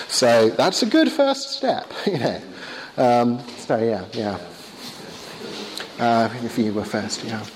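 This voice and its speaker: Hesitant lecturer in a reverberant church. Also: male voice, medium pitch, animated, slow pace, pauses often, slight background noise. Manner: conversational, hesitant with many fillers. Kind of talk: Q&A after a lecture. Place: large stone church.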